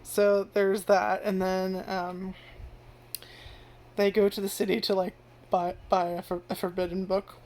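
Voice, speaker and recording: Speaking at a medium pitch and a little slowly, a foul-mouthed woman reviews anime in a casual first-impressions style. She rambles with heavy filler and swears often, staying animated and breaking into loud acted-out reactions.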